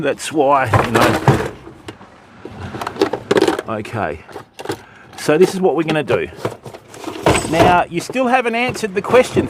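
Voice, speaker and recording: A man's voice: fairly high pitch, very noisy. An Australian man chatting casually with viewers on a live fishing stream from an outdoor beach. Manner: chatty, matey, answering viewers.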